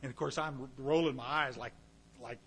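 A middle-aged man, giving a folksy personal testimony to a recovery meeting, with asides to the audience and bursts of animated volume. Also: mid-range voice, brisk, breathy edge. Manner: shifts between quiet and loud animated bursts.

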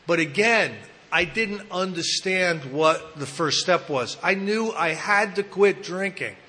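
A man's voice: sits high, animated, slow pace, pushed and bright. A man giving a personal recovery talk, telling his story candidly with self-mocking humor. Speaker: recovery speaker at a support meeting.

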